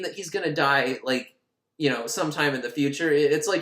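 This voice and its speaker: A man's voice: a little high, expressive, a little fast, a bit bright. A man casually and sarcastically recapping an old film, swearing and laughing, in an echoey room.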